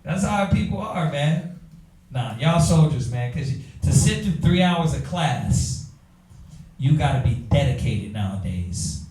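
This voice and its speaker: A man, teaching a Bible class in an animated preaching style, talking straight to the room. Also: fairly high pitch, measured pace, distant mic. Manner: animated, talks to the room, acts out quoted voices. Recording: echoey room from afar.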